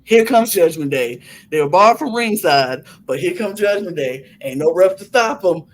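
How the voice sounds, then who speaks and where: A young woman on a podcast recapping a wrestling match in animated casual chat, acting out her own gasps and laughs. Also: lowish voice, normal speed, rough recording. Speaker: podcast co-host.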